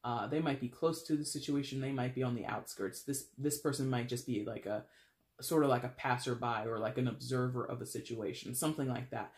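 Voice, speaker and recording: A man's voice: medium pitch, fairly quick. A man giving a casual tarot reading, talking in a chatty, blunt, wry way with lots of fillers. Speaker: tarot reader. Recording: roomy echo.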